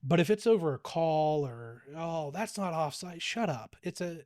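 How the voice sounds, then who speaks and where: A man's voice: on the high side, normal speed, no room sound, studio quality. A man around forty telling a story in casual podcast chat, acting out what he said to people. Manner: animated storytelling, acts out quoted exchanges. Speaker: podcast co-host, former youth coach.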